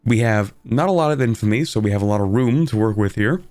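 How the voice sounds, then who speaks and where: Sleepy, low-voiced man streaming a game. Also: animated, fast, a little mellow, no echo. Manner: sleepy, rambling, self-deprecating. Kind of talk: casual game commentary.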